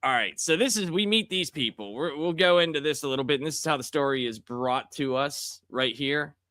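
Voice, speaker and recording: Bright, forceful voice, man, podcast host, casual review chat, animated, exclaiming in disgust, dry sound with no room echo. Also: fairly high pitch, brisk.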